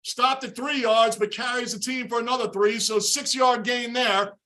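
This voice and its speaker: Frustrated male fan host, bright tense voice, shouted live play-calling rants. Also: very high voice, steady tone, moderate pace. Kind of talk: live fan reaction commentary.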